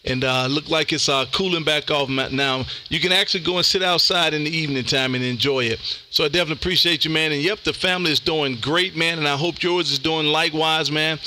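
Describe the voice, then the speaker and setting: A man working the ham radio, his voice bright and forceful with a slightly higher pitch. He talks in a laid-back way, tosses "man" into every sentence, and calls CQ between contacts. A faint hiss sits under the mic. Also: quick pace. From Texas. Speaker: ham radio operator streaming live. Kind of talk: casual radio chat and CQ calls.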